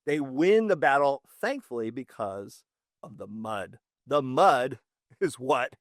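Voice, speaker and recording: A man hosting a history series, telling the story casually and lively, repeating words for emphasis. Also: mid-range voice, slow, no echo, studio quality.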